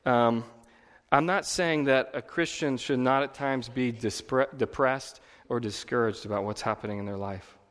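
A man preaching in a church, his voice carrying with a long hall reverb. He talks in a conversational way, then builds emphasis by repeating phrases. His pitch sits mid-range for a man. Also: unhurried, a bit bright. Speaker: pastor. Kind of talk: sermon.

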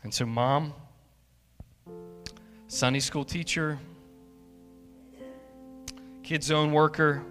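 A male pastor delivering a sermon at a slow, deliberate pace. He speaks earnestly and with emphasis, leaning into key phrases. Soft instrumental music plays faintly behind him. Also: fairly high pitch, steady tone, big-room sound.

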